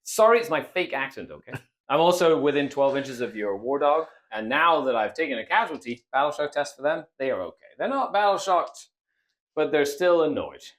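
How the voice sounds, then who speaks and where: Lively, upbeat man narrating a battle report. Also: on the high side, normal speed. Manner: animated, laughs often, playful exclamations. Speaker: host and player. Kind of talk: tabletop battle report commentary.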